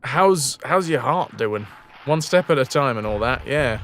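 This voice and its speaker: A man's voice: medium pitch, animated, measured pace, a bit bright, a little hiss or hum. A man streaming a retro game, chatting with viewers, joking, swearing and thinking aloud as he plays. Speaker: livestream gamer. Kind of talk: casual gameplay chat to stream viewers.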